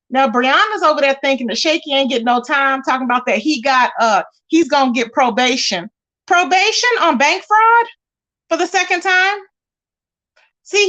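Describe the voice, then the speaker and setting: A woman's voice: high-pitched, a bit bright. A woman hosting a casual livestream gossip chat, sassy and emphatic, greeting her viewers fondly as she talks.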